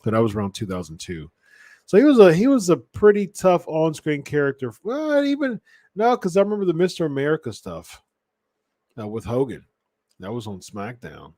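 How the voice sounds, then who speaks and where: A man's voice: fairly high pitch, sing-song, normal speed, dark tone, no echo. Rambling male podcast host, dry sound. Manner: rambling, with frequent restarts and self-corrections. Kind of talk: casual wrestling commentary.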